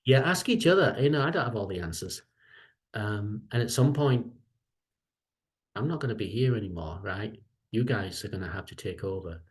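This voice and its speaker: A middle-aged man with a low voice speaks as a lecturer in a casual online meeting. He rambles and repeats himself while giving friendly advice. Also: animated, moderate pace.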